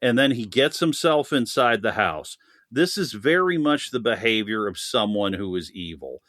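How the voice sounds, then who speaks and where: A man's voice: fairly low pitch, animated, moderate pace, a bit bright, no room sound, clean studio sound. A man chatting animatedly as a guest on a film podcast, laughing often and talking at length. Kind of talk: casual podcast chat.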